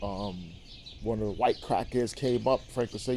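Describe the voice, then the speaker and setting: A man's voice: mid-range voice, moderate pace, a little mellow, slight background noise. A man hosting a show, casually recapping a series in a rambling, profane way with lots of ums and repeated words.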